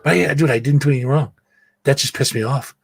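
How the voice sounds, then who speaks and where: A man hosts a casual podcast from a home studio, speaking in a mid-pitched voice. He swears freely and acts out each quote as he spins a story. The sound is dry and close, with no room around it. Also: fast, creaky, breathy edge, no echo. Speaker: podcast host. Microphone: own mic, mutes it to vape.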